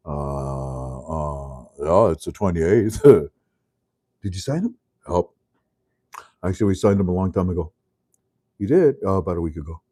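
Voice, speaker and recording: A man's voice: deep voice, warm tone, dry recording. An older man hosting a casual monologue, rambling with chuckles and many fillers and restarts. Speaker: host.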